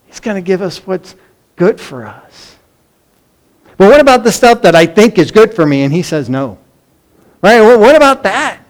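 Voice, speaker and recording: Middle-aged male pastor, earnest emphatic sermon delivery, slightly high voice. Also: big pitch swings, normal speed, long pauses. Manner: earnest, emphatic preaching with rhetorical questions.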